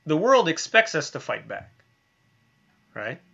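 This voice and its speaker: A man's voice: a little high, big pitch swings, unhurried, vocal fry, bright, forceful tone, husky, dull audio. A man teaching a Bible lesson in a conversational way, often asking "right?" and using fillers. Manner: conversational, many tag questions and fillers. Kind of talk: recorded online lesson.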